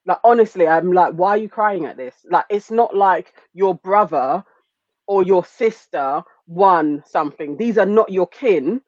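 A parent joining a podcast chat, speaking with indignant emphasis at a middle pitch. The sound is dull and lo-fi, dry and close, like a remote link. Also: a little slow, a little mellow, no echo.

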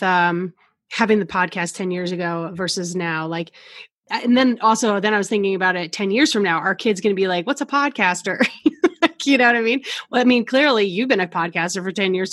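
A woman hosts a podcast and muses in a relaxed, casual way. Her voice has a middle pitch and a dry, close sound. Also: no echo. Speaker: podcast host. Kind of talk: casual chat.

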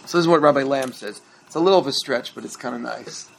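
Gravelly middle-aged rabbi telling stories. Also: male voice, mid-range voice, fast, rough recording. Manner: conversational storytelling, quizzes the audience. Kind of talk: teaching a holiday workshop.

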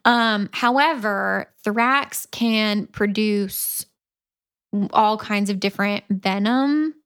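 A woman co-hosting a chatty podcast, walking through a book's plot at an unhurried, drawn-out pace. Her delivery is dry and deadpan, with casual swearing tossed into her asides. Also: medium pitch, clean tone. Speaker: podcast co-host. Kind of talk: casual chat, retelling a book plot.

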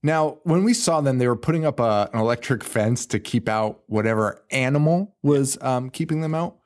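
A man's voice: medium pitch, moderate pace. A man co-hosting a podcast, casually recapping a horror film scene by scene, swearing often, laughing and mimicking the characters. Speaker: podcast co-host. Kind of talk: casual movie recap chat.

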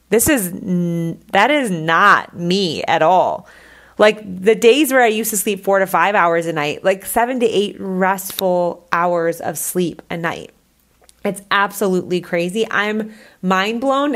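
A woman hosting her own podcast, talking casually and candidly, with lots of "like" fillers. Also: mid-range voice. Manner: chatty, candid, says "like" a lot. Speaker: podcast host.

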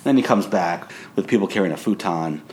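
Male podcast co-host, deep voice, dry humor, light background hiss. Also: lively intonation, a little fast, darkish tone. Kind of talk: casual recap chat.

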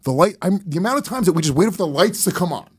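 A man's voice: sits high, expressive, racing, husky, no room sound, clean studio sound. Crude rambling man on a podcast. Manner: crude, rambling storyteller, swears a lot. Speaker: podcast host. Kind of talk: casual podcast chat.

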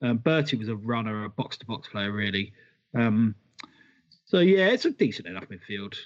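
A man's voice: lowish voice, very animated, moderate pace, highs cut off. A man co-hosting a casual football podcast, chatty and self-deprecating, with the odd swear word. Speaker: podcast co-host.

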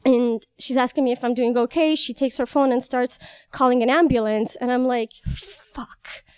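A young woman from Iran telling a vivid first-person story, animated and laughing as she goes. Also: on the high side, brisk, clear, resonant tone, no room sound.

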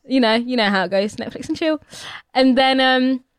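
A woman's voice: high-pitched, moderate pace, clean tone, dry recording, studio quality. A young woman co-hosting a podcast, telling a story in a chatty, slangy way. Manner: chatty, lively retelling with slang. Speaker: podcast co-host. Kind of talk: casual chat, storytelling.

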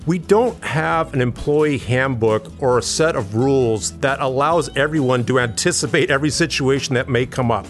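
Male podcast host, relaxed and friendly, mid pitch, faint music under him. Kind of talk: casual podcast hosting.

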